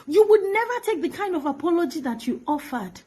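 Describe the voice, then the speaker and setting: High-voiced Nigerian woman, pleading and accusing. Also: lively intonation, brisk, warm tone, low-quality recording. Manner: pleading and accusatory, drops to whispers. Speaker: actress addressing her former pastor. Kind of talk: emotional direct-to-camera video message. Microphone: phone camera.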